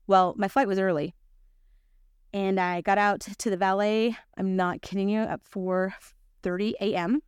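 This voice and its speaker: A middle-aged woman teaching a Bible lesson, telling a personal story with lively voices for the people in it. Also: mid-range voice, unhurried, clean tone, dry recording, clean studio sound. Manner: animated storyteller, acts out quoted voices.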